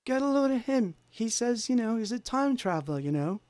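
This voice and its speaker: A man's voice: very high-pitched, big pitch swings, a little fast, darkish tone, no room sound, pitched above the performer's own voice. A man putting on a cheery young English rock musician with an English accent. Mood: amused.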